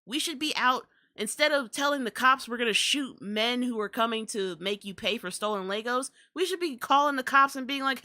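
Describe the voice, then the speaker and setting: A woman's voice: fairly high pitch, moderate pace, few pauses, pushed and bright. A young adult woman hosting a podcast, ranting in exasperated, profane commentary. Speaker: podcast host.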